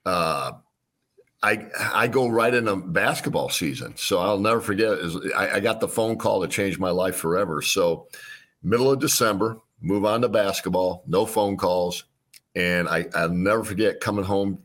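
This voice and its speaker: A man's voice: deep voice, fairly bright tone. A man in his sixties from Illinois, a former quarterback telling folksy stories as a guest in an interview, with frequent restarts. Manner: folksy, unhurried storyteller with repeated restarts. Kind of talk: storytelling interview.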